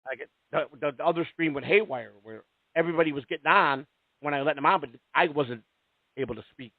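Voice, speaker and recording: A man's voice: a little high, fast talker, no echo. A man hosting a call-in radio show, talking in a profane, rambling way with a lot of restarts. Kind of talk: casual call-in radio talk. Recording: tinny, dry phone-line sound.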